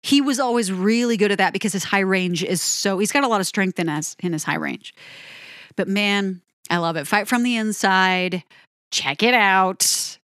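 A woman's voice: mid-range voice, moderate pace, fairly bright tone, no echo, clean studio sound. A woman talking through a rock song she loves, gushing about the playing and speaking directly to her viewers. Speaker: music reviewer. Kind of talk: enthusiastic song breakdown.

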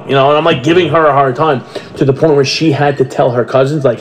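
A man's voice: medium pitch, fast. A man in his thirties co-hosting a casual podcast chat, telling stories and acting out quotes with rising energy. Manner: animated storyteller, acts out quotes loudly. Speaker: podcast co-host.

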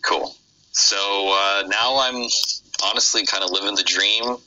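A man with a Midwestern American accent talks in a friendly, upbeat way as a guest on a remote interview. His voice sits low yet sounds bright and forceful. The call audio is dull and lo-fi, with faint noise underneath. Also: fairly even intonation, unhurried. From United States. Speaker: pharmacist and career coach guest.

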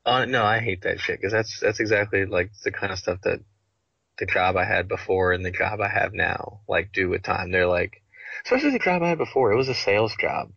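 A man's voice: on the low side, lively intonation, fairly quick, vocal fry, a bit bright, breathy edge, dry recording. A young man co-hosting a podcast, ranting casually and with exasperation about workplace rules. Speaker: podcast co-host. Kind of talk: casual chat. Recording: dull lo-fi sound.

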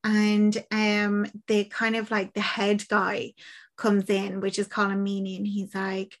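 An Irish woman chatting casually, telling a film's story in an animated way with lots of fillers. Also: medium pitch, unhurried. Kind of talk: casual film recap chat.

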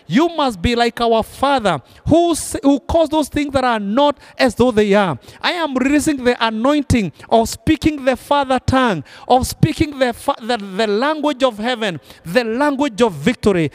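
A man preaching a sermon and leading a prayer with fervent, repeated decrees. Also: very high-pitched.

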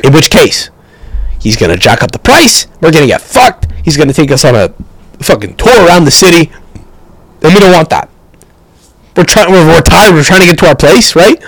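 A young man hosting a podcast, telling stories in a profane, rambling, animated way. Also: fairly high pitch, no room sound, rough recording. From Canada. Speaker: podcast host. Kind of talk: casual storytelling rant.

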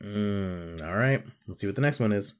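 A man's voice: lowish voice, lively intonation, normal speed, clean tone. A man hosting a casual podcast quiz, reading out quotes and teasing his guests. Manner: joking, teasing.

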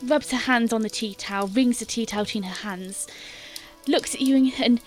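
A woman's voice: fairly high pitch, brisk, faint music behind. A woman game master narrating a tabletop scene in detail, with many fillers and hesitant restarts.

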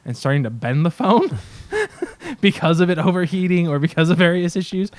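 A man co-hosting a casual chat, chuckling as he talks and rambling with halting restarts. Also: sits high, very animated, dry recording.

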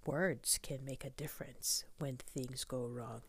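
A woman reading a children's picture book aloud, soft and often whispered, asking the listener questions. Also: rumbling low, steady tone, a little slow, breathy edge, no echo. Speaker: storybook reader.

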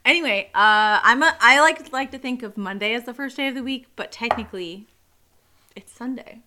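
A woman's voice: on the high side, normal speed, bright, forceful tone, a little hiss or hum. A woman from Phoenix co-hosting a podcast, telling rambling stories with many fillers. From Phoenix, Arizona. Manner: rambling, filler-heavy, laughs easily. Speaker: podcast co-host. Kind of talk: casual podcast storytelling.

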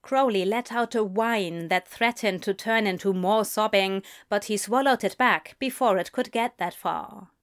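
A woman narrating a fan fiction story in a soft, gentle storytelling manner. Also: medium pitch, a little slow, hardly any pauses. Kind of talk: audiobook fan fiction reading.

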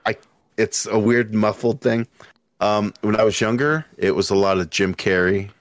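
A man's voice: fairly low pitch, fairly even intonation, normal speed, dry recording. A man talking as a guest on a casual podcast, rambling loosely and swearing freely into a podcast microphone. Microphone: podcast microphone with headphones.

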